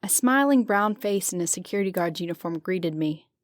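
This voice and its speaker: A woman narrating a horror audiobook in the first person, measured and descriptive. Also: on the low side, lively intonation, dry recording, clean studio sound. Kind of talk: scripted narration.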